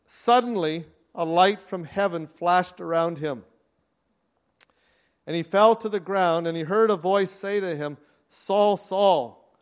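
Earnest man preaching a sermon. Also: sits high. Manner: earnest, with frequent restarts. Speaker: pastor. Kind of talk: conversational sermon.

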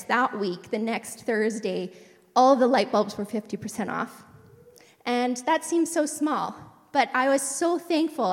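A woman shares a personal testimony in a sermon setting, talking in a chatty, rambling way with frequent asides. Her voice sits fairly high, and the recording carries the long, lingering reverb of a large hall. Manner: chatty, digressive, warm storytelling with asides. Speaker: church speaker sharing a testimony.

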